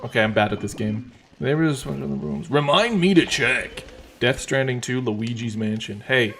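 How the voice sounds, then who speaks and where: A man streaming a game, talking in a relaxed, wry, joking way as he plays. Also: mid-range voice, moderate pace, soft background music. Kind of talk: casual gameplay commentary.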